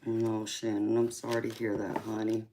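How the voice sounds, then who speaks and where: A woman hosting a tarot livestream, chatting softly with viewers and calling them sweetheart and honey. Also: extremely low pitch, monotone, moderate pace, noisy background. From mixed Japanese, Polynesian, English, Irish and Scandinavian heritage. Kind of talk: casual livestream chat reading out viewer comments.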